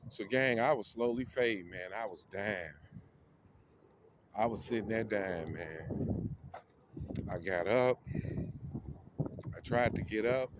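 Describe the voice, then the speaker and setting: A man tells a personal story slowly and emotionally, teary-eyed, repeating phrases and using street slang while he walks outdoors. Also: lowish voice. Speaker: vlogger. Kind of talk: walking vlog, personal storytelling. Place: outdoors on a city street, walking. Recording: outdoor street noise, passing cars.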